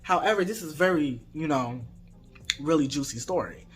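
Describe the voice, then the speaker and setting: Mężczyzna opowiada anegdotę na vlogu, luźno, z dużą ilością slangu i przekleństw, z zapałem. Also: male voice, fairly high pitch, moderate pace, over music. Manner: animated, laid-back slang and swearing. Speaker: storytime vlogger. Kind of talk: casual storytelling.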